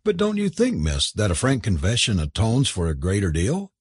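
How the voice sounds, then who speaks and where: A man reading a novel aloud and voicing a bold, plain-spoken young woman posing as a cook, with a husky voice. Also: fairly low pitch, wildly swooping pitch, normal speed, dry recording, clean studio sound, exaggerated voice. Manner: plain-spoken, eager, conspiratorial. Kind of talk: audiobook character voice.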